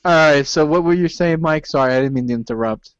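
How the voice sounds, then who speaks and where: A man hosting a casual online hangout, joking at his own expense and rambling through his points, his voice fairly high. The sound is dry and dull, like a lo-fi call. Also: fast talker, smooth, dry recording. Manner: self-deprecating, joking, rambling with fillers. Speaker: host. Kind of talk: casual group chat.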